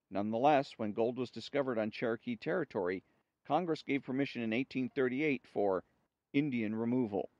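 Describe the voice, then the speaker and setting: A man reading a story aloud in a slow, measured way, with small slips now and then, on a dull dry recording. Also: mid-range voice, darkish tone, no room sound.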